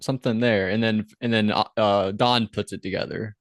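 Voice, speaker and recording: A man's voice: fairly low pitch, quick pace, vocal fry, few pauses, no room sound, studio quality. A man co-hosting a casual podcast, recapping an episode bluntly, swearing freely and acting out lines in sudden shifts of voice. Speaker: podcast co-host.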